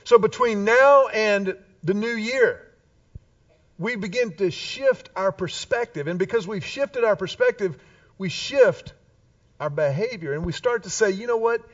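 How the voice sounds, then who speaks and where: A man preaching a Sunday sermon to his congregation in a church, animated and playful with humorous asides. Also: high voice, a little slow, far from the mic, lo-fi sound. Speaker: pastor. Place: church sanctuary.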